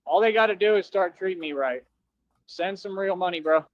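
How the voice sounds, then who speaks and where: A man's voice: sits high, fairly quick, highs cut off, slight background noise. A young man ranting on a stream clip, boastful and taunting with lots of slang.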